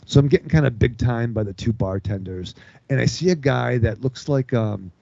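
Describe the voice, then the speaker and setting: A man's voice: mid-range voice, moderate pace, creaky, dark tone, no echo. A man co-hosting a podcast, telling a long story with lots of swearing and acting out other people's lines. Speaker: podcast co-host. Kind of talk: casual storytelling with profanity. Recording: dull, dry podcast audio.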